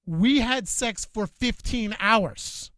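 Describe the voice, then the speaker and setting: A man co-hosting a home-studio talk show, telling a long story in a rambling, animated, profane way and stumbling over his words. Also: high-pitched, slow, dry recording. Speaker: podcast co-host. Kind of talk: casual storytelling chat. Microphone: studio microphone.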